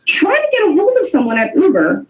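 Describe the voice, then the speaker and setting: Woman, high voice, lively storyteller. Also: brisk. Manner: animated storytelling, laughs often. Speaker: co-host and teacher. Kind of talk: casual chat. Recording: dull lo-fi sound, distant from the mic.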